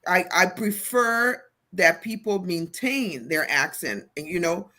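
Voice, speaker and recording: Lower-voiced woman co-host, from liberia, firm opinions. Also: animated, takes it slowly, bright, forceful tone. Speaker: talk show co-host. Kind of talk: casual panel chat.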